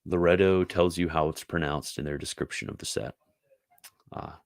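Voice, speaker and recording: A man who reads a theology passage aloud in a measured way, then answers viewer questions in a loose, casual chat with fillers. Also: low-pitched, fairly even intonation, dry recording.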